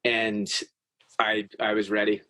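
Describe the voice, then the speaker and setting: A low-pitched man speaking into a close podcast mic, telling a personal story with earnest intensity. He stumbles over restarts and swears now and then, and the sound is dry and close with no room echo. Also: completely flat delivery, slow pace, sharp tone. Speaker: podcast guest. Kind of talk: storytelling in casual chat.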